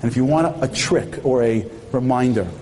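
A man's voice: mid-range voice, a little fast, a little mellow, a little hiss or hum. A man giving an impassioned sermon-like speech at a memorial tribute, firing rhetorical questions at the audience and weaving in Hebrew terms.

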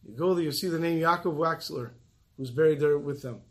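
A man giving a sermon, telling a story earnestly and slowing down for emphasis. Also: on the high side.

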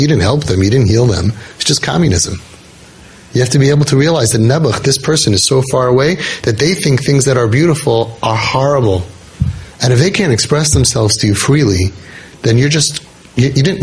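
A man's voice: medium pitch, breathy edge. Earnest man telling a story to a group. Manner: earnest storytelling with many restarts and Hebrew terms. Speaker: speaker on parenting podcast. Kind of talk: informal talk to a live group.

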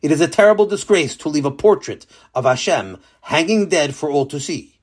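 A man narrating a children's story with a lesson at the end, lively and animated. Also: a little high, brisk, slightly rough.

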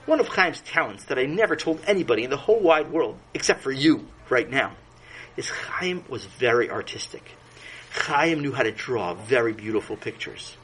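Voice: mid-range voice, expressive, moderate pace, a bit bright, slight background noise, rough recording. A storyteller narrating a children's story in a playful way, with asides to the listener.

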